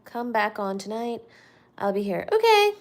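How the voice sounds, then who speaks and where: An Indian woman with an Indian accent hosts a casual livestream, chatting with viewers while responding to their comments. She speaks at a medium pitch and takes her time.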